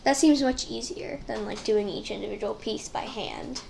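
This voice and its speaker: A woman's voice: fairly high pitch, moderate pace, gravelly, darkish tone, slight background noise. A woman co-hosting a casual family podcast, reading out facts and running the segments with lots of "like" fillers, on a sensitive microphone. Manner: upbeat, reads facts, many "like" fillers. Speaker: podcast co-host. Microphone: sensitive studio microphone.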